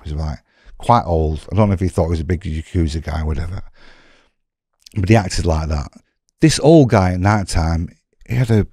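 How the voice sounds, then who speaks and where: Brief: deep, dark-toned man, loose rambling storyteller, swears a lot, dry sound. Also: no room sound. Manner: rambling, swears freely, restarts. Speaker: guest, former prisoner. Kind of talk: casual storytelling.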